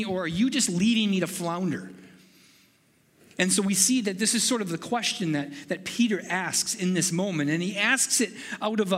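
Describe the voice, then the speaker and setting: A man's voice: high-pitched, fairly bright tone, breathy edge, long reverb tail. A male pastor preaching a sermon, earnest and building to urgent rhetorical questions.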